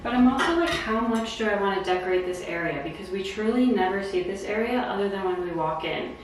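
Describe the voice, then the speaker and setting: American woman, decor vlogger, mid-pitched, gushing and chatty, roomy echo. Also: fairly quick, a little hiss or hum. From United States. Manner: bubbly, gushing, lots of "like" fillers. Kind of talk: casual chatty vlog narration. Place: at home, indoors.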